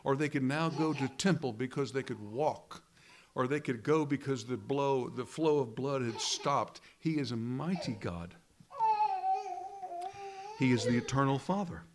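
A man preaching a sermon, earnest and emphatic, with dramatic pauses and quoted lines dropped low and hushed. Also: noisy background.

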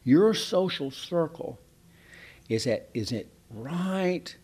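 A man's voice: fairly high pitch, expressive, takes it slowly, a little mellow, breathy edge. Folksy man preaching a sermon. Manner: folksy, conversational preaching with rhetorical questions. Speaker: pastor.

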